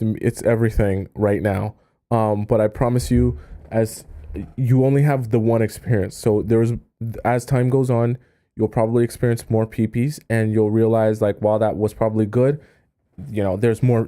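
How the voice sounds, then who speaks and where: A man's voice: lowish voice, little pitch movement, moderate pace, mellow, clean tone. A man hosting a live stream as a dating coach, giving casual advice in a chatty way, often checking in with "okay?" and using coy euphemisms.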